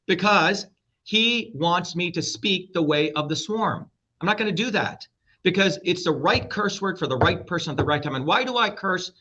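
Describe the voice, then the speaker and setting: Blunt, combative man, bright and lo-fi. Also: high voice, animated, normal speed. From India. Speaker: guest, presidential candidate. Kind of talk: heated interview talk. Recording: dull lo-fi audio.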